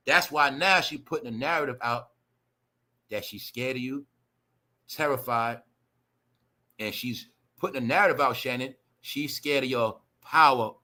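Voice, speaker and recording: A livestream host, a man, ranting loudly and profanely to his chat, animated and talking straight to viewers. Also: mid-range voice. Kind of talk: ranting celebrity gossip commentary.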